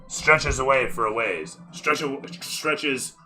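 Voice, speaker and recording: A man's voice: mid-range voice, takes it slowly, bright, forceful tone, soft background music, poor audio. A man running a tabletop role-playing game as dungeon master, narrating scenes like camera shots and dropping into casual, swearing asides.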